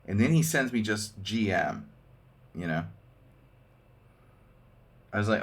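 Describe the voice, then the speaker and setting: A man talks through his chess moves on a live stream in a relaxed, joking way, often thinking aloud. His voice sits a little low. He chats with his viewers between variations. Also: a little slow, long pauses. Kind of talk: casual live-stream commentary.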